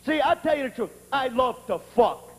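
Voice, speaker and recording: A male stand-up comedian telling a brash, profane routine who bursts into shouting. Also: extremely high pitch, expressive, moderate pace. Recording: echoey hall with clear noise.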